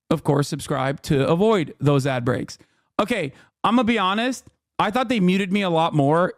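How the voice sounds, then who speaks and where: A man streaming, reacting to his own TV clip in crude, animated casual commentary. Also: high-pitched, dry recording, studio quality. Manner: profane, animated, laughing at himself.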